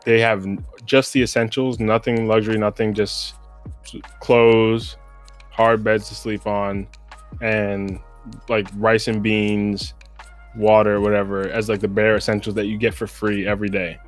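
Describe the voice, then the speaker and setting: An American man co-hosts a casual sports podcast in a low, relaxed voice. He rambles through his points and drops "bro" often. Faint music plays in the background. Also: unhurried. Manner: rambling, laid-back, lots of "bro". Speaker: podcast co-host.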